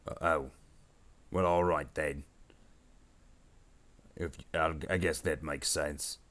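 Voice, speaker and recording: A man's voice: a bass voice, fairly even intonation, slow, a bit bright, full character voice. A man voicing a dim, bossy male orc warboss who blusters, gets muddled and makes threats. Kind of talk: improvised comedy skit while painting.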